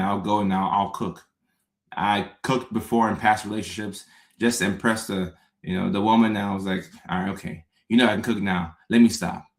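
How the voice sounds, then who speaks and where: A man hosting his own show, talking casually to his audience in a rambling way, repeating himself and making self-mocking asides. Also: lowish voice. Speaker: show host. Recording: roomy echoey room.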